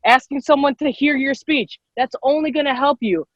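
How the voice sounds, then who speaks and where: A young woman with a high voice leads a live online class for girls, sounding upbeat and encouraging, often repeating herself and laughing. She speaks at a moderate pace into a computer mic on a video call, with no room sound, and the audio is dull and lo-fi.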